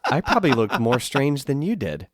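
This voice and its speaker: A man's voice: mid-range voice, wildly swooping pitch, moderate pace, no room sound, clean studio sound. A man co-hosting a podcast in casual chat, dropping wry one-liners. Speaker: podcast co-host.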